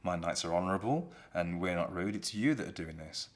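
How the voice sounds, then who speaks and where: A man voicing an aging, quick-tempered king in a casual retelling of a play, blustering and indignant. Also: deep voice, animated.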